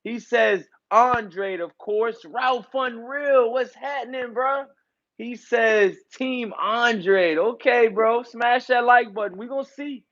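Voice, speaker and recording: Hyped high-voiced man streaming fight commentary. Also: slow, fairly bright tone, lo-fi sound. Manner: loose, hyped, repeats catchphrases and fillers like man and y'all. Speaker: boxing commentator and channel host.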